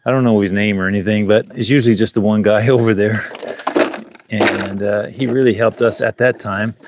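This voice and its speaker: A man's voice: lowish voice, steady tone, fairly quick, background noise. A middle-aged man vlogging live outdoors on a rural building site, chatting in a rambling way and chuckling between thoughts. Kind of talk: casual live-stream chat. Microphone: clip-on mic.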